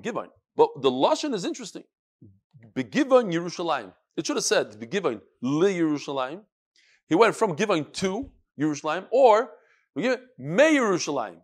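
Animated man teaching a Talmud class. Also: a little high. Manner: animated, sing-song study cadence mixing Hebrew and Yiddish terms.

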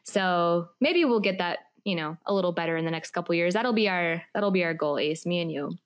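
A woman's voice: on the low side, a little fast, lo-fi sound. Chatty laughing woman podcast host. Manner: animated storytelling, laughs often. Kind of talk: casual chat.

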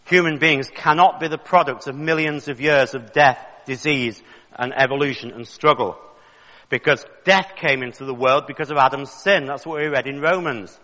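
A man's voice: mid-range voice, sharp tone, big-room sound, poor audio. A man preaching a sermon with fervent, rising emphasis and pointed questions to the congregation.

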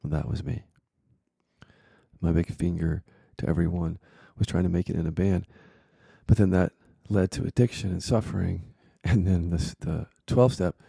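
A man with a very dark, husky voice tells his own story as a spiritual teacher. He is candid and reflective, and he swears freely. His low, gravelly tone is recorded dry, with no room sound. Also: level tone, normal speed, dry recording. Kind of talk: personal storytelling monologue.

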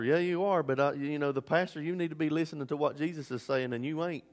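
A man preaching a sermon as pastor, swinging between loud emphatic bursts and low asides. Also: steady tone, fast. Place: church sanctuary. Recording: long hall reverb.

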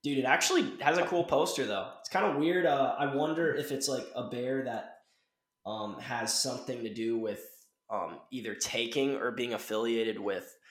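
A man's voice: mid-range voice, normal speed. A young man hosting a podcast in casual chat, rambling and laid-back, saying "like" and "dude" constantly. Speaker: podcast host. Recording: roomy echo.

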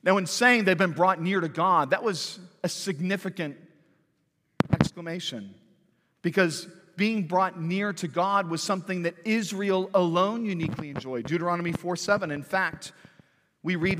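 A man preaching a sermon as pastor, emphatic, rising to loud declarations and dropping low again. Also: normal speed, noisy background. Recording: long hall reverb.

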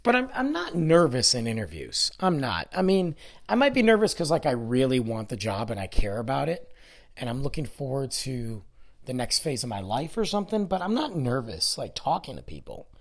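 Sick and congested, a podcast host talks alone in a loose, grumbly, self-mocking monologue with a nasal sound. His mid-range voice has a sing-song lilt at normal speed.

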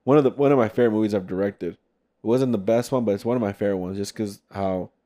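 A man's voice: on the low side, fast. A young man hosting a podcast in casual chat, telling stories with energy and acting out quotes. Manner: animated storytelling, acts out quotes loudly. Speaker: podcast host and film director.

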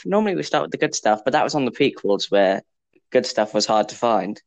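A young man hosts a casual podcast chat with a middle-pitched voice. He talks in an eager, rambling way and leans on fillers. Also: a little fast, vocal fry. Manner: chatty, enthusiastic, rambling with fillers. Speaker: podcast host.

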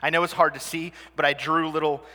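A man with a bright, forceful and slightly high voice gives a presentation to a live audience. He talks in a conversational way and keeps checking in with his listeners through questions. His voice rings with the long reverb of a hall. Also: little pitch movement, fast.

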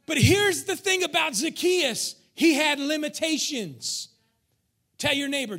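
A male pastor preaching a sermon in church, emphatic, joking with the congregation, swinging between shouting and near-whisper. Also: very high-pitched, lively intonation, a little slow.

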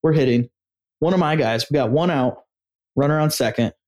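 A man's voice: on the high side, normal speed. A man co-hosting a casual sports podcast. He tells stories with plenty of energy, acting out what others said and swearing freely along the way. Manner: animated storyteller, acts out quotes, swears freely. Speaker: podcast co-host.

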